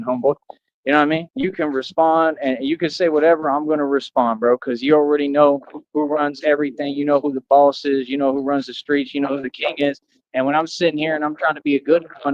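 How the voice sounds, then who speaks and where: A man's voice: a little high, dry recording, dull audio. A man ranting on a livestream, boastful and defiant, falling back on "like I said" again and again.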